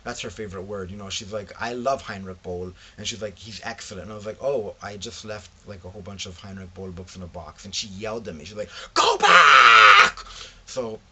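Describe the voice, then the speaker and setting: Young man, bright voice, casual vlog chat, animated storytelling, slangy, faint room noise behind. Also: on the low side, fast, hardly any pauses. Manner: animated storytelling, acts out quoted friends, slangy asides. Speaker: book vlogger.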